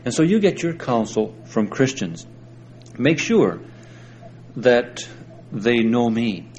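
A man preaching a sermon, explaining scripture slowly and deliberately and stressing the verses he quotes. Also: mid-range voice, sing-song, darkish tone, a little hiss or hum, rough recording. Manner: slow, deliberate Bible exposition with emphatic scripture quotes.

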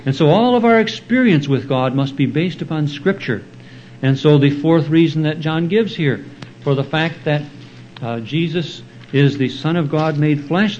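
A man preaching an expository sermon, explaining Bible verses in a slow, deliberate teaching manner. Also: a little high, a little mellow, highs cut off. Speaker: pastor.

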